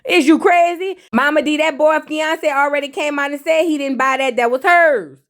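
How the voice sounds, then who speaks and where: A woman's voice: high voice, fairly even intonation, normal speed, fairly bright tone. A woman giving a blunt, sassy, casual recap of a reality TV episode, throwing in mocking asides and slang.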